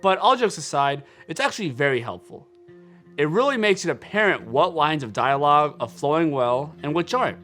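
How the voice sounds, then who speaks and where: Young male filmmaker, scripted explainer read, animated pitch, faint music bed. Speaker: filmmaker sharing screenwriting tips.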